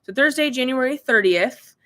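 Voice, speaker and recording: A woman's voice: sits high, animated, normal speed, pushed and bright. A woman hosting a casual livestream, giggly and chatty as she banters with her ventriloquist puppet.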